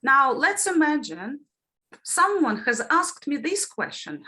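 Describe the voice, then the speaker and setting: Lively bright-voiced woman teacher. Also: sits high, slow pace. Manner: lively, demonstrates intonation with questions to the class. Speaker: teacher trainer. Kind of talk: online teacher-training lesson.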